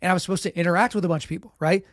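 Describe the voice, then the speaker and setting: A man's voice: high-pitched, rapid-fire, no room sound, studio quality. Sick man telling a story. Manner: relaxed, self-deprecating storyteller with frequent "you know" and "like". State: sick with a sore throat. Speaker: podcast host. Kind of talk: casual storytelling monologue.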